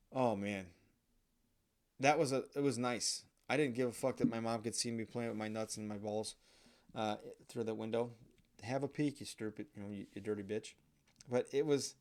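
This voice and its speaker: A man's voice: mid-range voice, vocal fry. A young man, host of his own show, telling candid stories in a rambling, profane, casual monologue. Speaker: podcast host.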